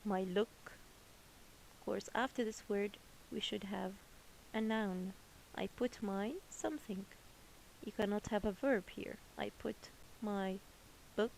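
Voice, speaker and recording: Teacher lady going real slow over her words, bit of gravel in the voice, faint hiss behind. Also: medium pitch, steady tone, a little mellow, rough recording. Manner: slow, patient, repeats each word twice. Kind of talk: English phonics lesson for children.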